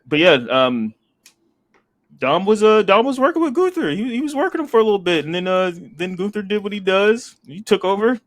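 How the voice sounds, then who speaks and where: A man co-hosting a wrestling podcast, relaxed and slangy, laughing often in casual chat. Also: high voice, fairly quick. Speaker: podcast co-host.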